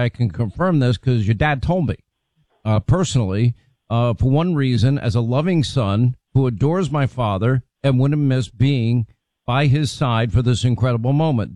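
Male host, mellow dark timbre, dry close mic, assertive delivery. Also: medium pitch, no echo. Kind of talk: interview talk.

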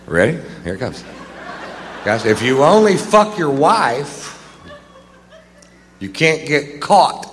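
A middle-aged man doing a stand-up routine, drawing out dry punchlines and acting out shouted quotes. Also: fairly high pitch, sing-song, slow pace, long pauses. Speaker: stand-up comedian. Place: large theater stage. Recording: live hall recording with crowd noise. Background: audience laughter.

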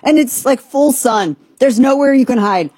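A woman's voice: sits high, normal speed, husky, dry recording. A woman hosting a radio talk show, rambling and joking through opinionated chat in a studio. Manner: rambling, joking, animated asides. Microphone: studio mic.

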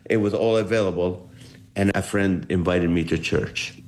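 A middle-aged man from the Holy Land, a comedian guest telling personal stories with animated swings in his voice, acting out the people he quotes. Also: normal speed. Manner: acts out voices with big pitch swings.

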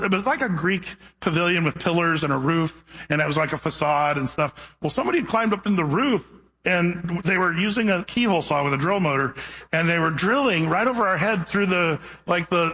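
Male pastor, middle-aged, slightly high and husky voice, lively storytelling sermon. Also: poor audio. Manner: animated, humorous storytelling.

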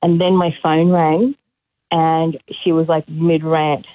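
A woman calling a radio show, retelling a story at a brisk pace with an exasperated edge. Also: deep voice, little pitch movement, no room sound. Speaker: caller. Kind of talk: phone-in anecdote. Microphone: phone line. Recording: tinny phone line.

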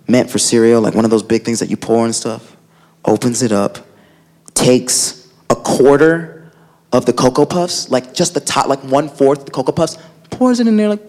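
A man's voice: mid-range voice, a little mellow. A man doing a stand-up comedy set, telling a rambling story full of fillers and acting out the voices of the people in it.

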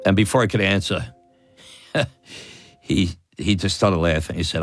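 A man telling a lively personal story, laughing and acting out the voices of others. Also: low voice, takes it slowly, long pauses, faint music behind. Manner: animated, laughing, acts out quoted voices. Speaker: storyteller guest. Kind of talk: personal story told in an interview.

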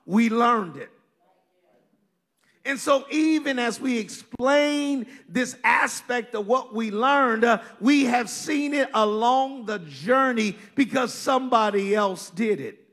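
A man's voice: extremely high pitch, lively intonation, slow pace, a bit bright. A male pastor from Kansas with a country accent, preaching a sermon with emphatic repetition and fillers. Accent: rural Kansas.

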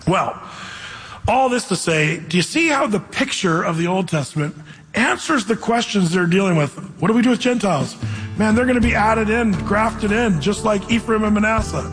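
A man preaching a sermon in church, animated, acting out the voices he quotes. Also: high voice, moderate pace, slightly rough, big-room sound, faint music behind. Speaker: pastor.

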